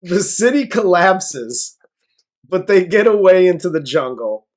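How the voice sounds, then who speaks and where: A man's voice: high voice, sing-song, a little slow. A man co-hosting a casual movie review, recapping the plot with crude jokes in a laid-back way. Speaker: co-host of a movie review show.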